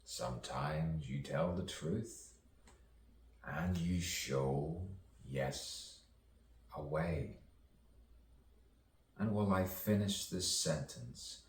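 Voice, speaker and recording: A man's voice: extremely low pitch, creaky. A man performing a rambling spoken-word poetry soliloquy, musing to himself and repeating phrases in rhythmic runs. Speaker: poet. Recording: roomy echo, distant mic, faint background noise.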